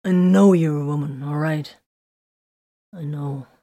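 A woman reading a storybook, voicing a sarcastic, wounded young male soldier who mumbles low. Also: a little slow, warm tone. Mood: bitter.

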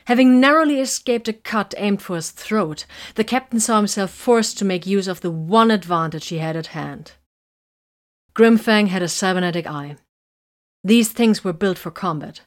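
Woman narrating a fight scene. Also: mid-range voice. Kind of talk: audiobook reading of fan fiction.

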